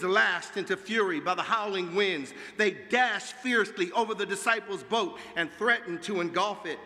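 A man preaching a sermon with dramatic delivery, dropping to a hush and then rising to shouts. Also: high-pitched, big-room sound. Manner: dramatic, swinging from hushed to shouting.

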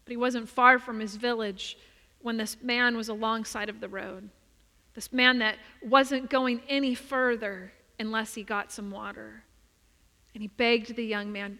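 A woman preacher tells a story in her sermon, expressive, often letting her voice drop soft for emphasis. Her voice is bright and a bit high. It rings out with the long reverb of a large church. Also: a little slow.

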